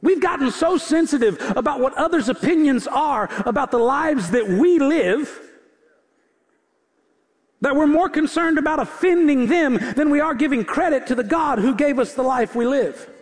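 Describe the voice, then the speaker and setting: High voiced guy preaching, punchy repeated lines, big echoey auditorium. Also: lively intonation, normal speed. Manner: emphatic preaching with rhythmic repetition. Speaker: pastor. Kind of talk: sermon. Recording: long hall reverb.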